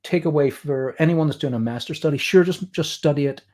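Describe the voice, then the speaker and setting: A man's voice: a little high, fairly quick, a little mellow. A man with an Irish accent, a guest artist chatting and explaining while he draws on a livestream. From Ireland. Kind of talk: drawing demo chat on a livestream.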